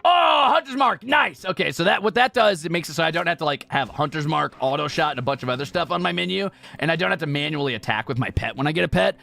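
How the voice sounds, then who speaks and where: Bright, lively young man streaming. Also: a little high, quick pace, gravelly, few pauses. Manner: playful, joking, drifts into mumbling while typing. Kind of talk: casual gaming livestream chat. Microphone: close streaming mic.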